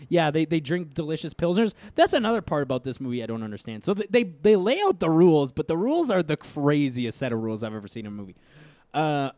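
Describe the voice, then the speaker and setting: A young man co-hosting a casual movie review podcast, animated and swearing freely as he mocks scenes. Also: on the high side, fast talker, no room sound. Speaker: podcast co-host.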